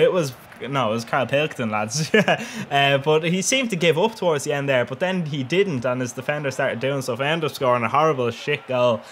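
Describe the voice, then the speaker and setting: Brisk and fairly bright, a young man's medium-pitched voice carries a playful, meandering voice-over of his football video game matches. He hosts a gaming channel and breaks into laughter often.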